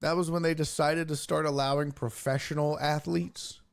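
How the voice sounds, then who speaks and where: A man's voice: on the high side, level tone, normal speed, creaky. A man hosting a casual livestream sports talk show who rants, swears and restarts sentences often. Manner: profane, ranting, restarts often.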